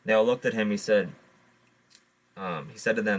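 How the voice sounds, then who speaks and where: A man with a low voice retells a traditional animal story. He halts often, fills gaps with "uh," and repeats his words as he goes. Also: a bit bright, a little hiss or hum. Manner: halting, repeats words, fillers. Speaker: podcast host. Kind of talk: oral storytelling.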